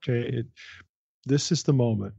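A man's voice: mid-range voice, normal speed, vocal fry, mellow, slightly rough, dry recording, dull audio. Man teaching the Bible, conversational. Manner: conversational, many "you know" fillers, reads scripture aloud. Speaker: podcast host teaching the Bible.

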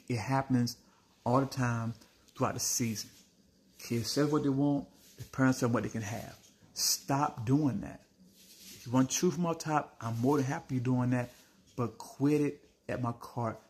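A man who runs an Italian ice cart, telling stories in an exasperated, animated rant that jumps into sudden high-pitched outbursts. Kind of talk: ranting storytime vlog.

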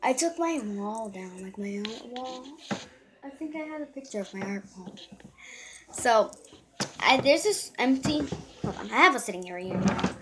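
Filming on a handheld phone indoors in her bedroom, a young vlogger chats casually and rambles, full of "so" and "yeah." She has a fairly high, lively voice at normal speed, with background noise.

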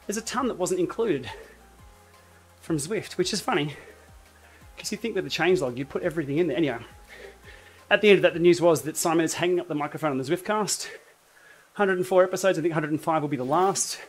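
Aussie bloke chatting on his training-ride stream, kinda high voice, music faint in the back. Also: fast, pauses often. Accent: Australian. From Australia. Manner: chatty, rambling, wry asides. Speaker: cycling YouTuber host. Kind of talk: casual livestream chat while riding.

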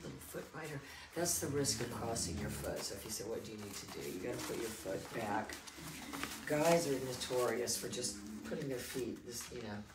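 Speaking at normal speed in a medium, animated voice, a man who trains dogs chats his way through a demo among puppies and responds to questions he pictures his audience raising. It's recorded from a distance in a roomy space with lots of background noise.

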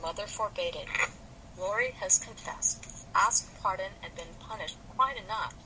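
A woman's voice: medium pitch, moderate pace, pushed and bright, slight background noise, lightly acted, rough recording. A woman reading aloud as a spirited young woman who pleads with an elder. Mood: pleading. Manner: reads aloud from a novel.

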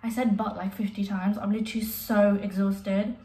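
A woman's voice: mid-range voice, level tone, normal speed, breathy edge, low-quality recording. A young woman chatting casually in a vlog, rambling and giggly, filmed on a handheld phone out and about. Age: young adult. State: out of breath. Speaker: vlogger. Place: outdoors on busy streets and in a restaurant. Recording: loud street crowd and traffic behind.

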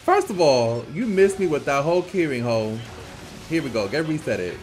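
A man giving live gameplay commentary as a channel host, in an animated, playful trash-talking way with frequent laughter. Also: a little high, a little fast.

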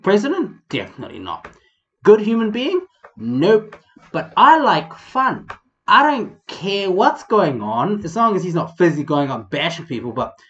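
A young man from New Zealand with a New Zealand accent, hosting a casual comedic vlog in a rambling, profane, animated way. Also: fairly high pitch, muffled recording. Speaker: vlog host.

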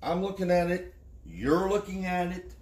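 A man's voice: sits high, animated, moderate pace, darkish tone. A man chatting on a live stream, earnest and insistent in short remarks. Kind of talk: casual chat. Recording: roomy echo.

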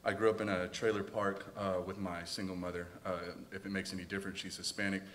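A young man from Texas speaks in a low voice in a church, sharing his testimony as a student. He is hesitant, pausing often and filling gaps with fillers. A faint noise sits under his words. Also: flat delivery, fairly bright tone. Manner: hesitant, halting with many fillers. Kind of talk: personal testimony.

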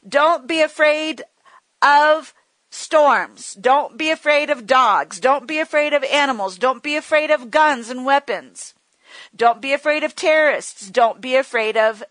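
A middle-aged woman delivers a sermon in a high, bright voice, speaking slowly and deliberately. She is firm and repetitive and has listeners echo declarations after her. The sound is dry and close, with no room around it. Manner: firm, repetitive, leads call-and-response declarations. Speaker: Bible teacher. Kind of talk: sermon teaching.

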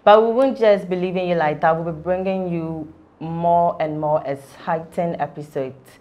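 A young woman co-hosting a casual entertainment chat, animated and laughing often. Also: fairly low pitch, moderate pace, highs cut off. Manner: laughing, animated, repeats words. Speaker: co-host.

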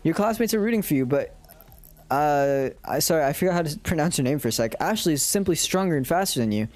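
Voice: mid-range voice, animated, fast talker, darkish tone, soft background music. A streamer casually reading a dating sim aloud on a live stream, swearing and laughing at their own slips.

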